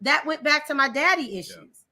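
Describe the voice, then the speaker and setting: A woman's voice: high voice, lively intonation, normal speed, crowd noise. A woman guest, telling her marriage story and acting out the dialogue. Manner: storytelling, acts out dialogue, laughs easily. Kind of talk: candid testimony in interview.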